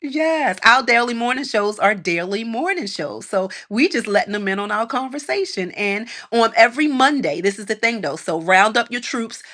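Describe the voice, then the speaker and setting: Woman radio host, Baltimore accent, bright forceful voice, animated, quick. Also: fairly high pitch. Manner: animated, quick, laughing often. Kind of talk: casual radio interview.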